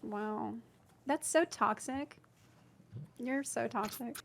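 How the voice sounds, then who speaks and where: A woman's voice: fairly high pitch, slow, creaky, fairly bright tone, slight background noise. A woman who is a guest on a casual chat show, playful and teasing.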